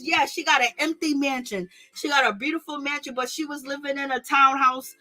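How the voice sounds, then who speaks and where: A woman with a high, bright voice talks casual gossip straight to her viewers. She is blunt and animated, with features in her speech. It sounds like a relaxed commentary channel. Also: fairly quick, few pauses. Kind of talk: casual reality-show commentary.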